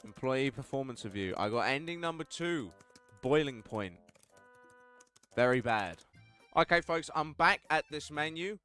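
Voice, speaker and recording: Smooth-voiced man reading a text game. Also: mid-range voice, lively intonation, unhurried, bright, forceful tone, faint music behind. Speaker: game streamer.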